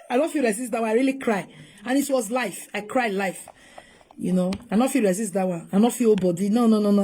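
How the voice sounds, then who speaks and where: A middle-aged woman from Nigeria, with a Nigerian Pidgin English accent, talks straight to her viewers. She is animated and moves between pleading and scolding. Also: a little high, fairly quick, husky. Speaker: vlogger. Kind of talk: emotional casual monologue.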